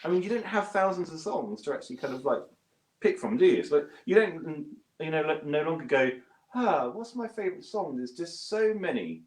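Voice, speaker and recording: A British man, a guest bass player, chatting self-deprecatingly from his home studio over a video call. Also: a little fast. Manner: chatty and self-deprecating, with lively pitch jumps. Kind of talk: casual interview chat. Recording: roomy echo.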